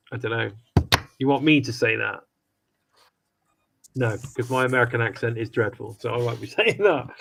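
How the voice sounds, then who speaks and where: A man's voice: medium pitch, gravelly, bright, forceful tone, slight background noise, rough recording. A man co-hosting a wrestling review podcast, chatting casually and rambling with many restarts. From United Kingdom. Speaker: podcast co-host.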